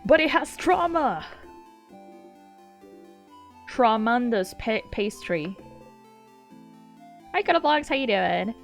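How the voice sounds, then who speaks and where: Woman game streamer, casual commentary, swears and laughs a lot, hushed when reading story text, faint music behind. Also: on the high side, slow pace, creaky, pauses often. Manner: excitable, swears freely, laughs often.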